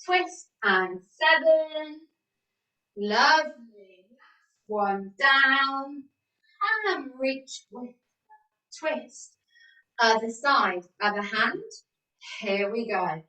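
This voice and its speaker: A woman's voice: fairly high pitch, expressive, very slow, long pauses, pushed and bright, recorded from a distance. A woman fitness instructor leading an exercise class over a video call, encouraging and counting out the moves. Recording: echoey room, away from the mic.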